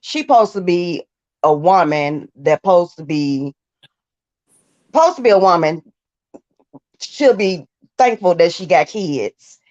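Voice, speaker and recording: A woman's voice: lowish voice, expressive, unhurried, long pauses, darkish tone, dull audio. A woman in her forties calling into a live stream, upset and grieving, stumbling over her words as she vents. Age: 40s. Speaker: caller. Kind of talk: heated live-stream call-in rant.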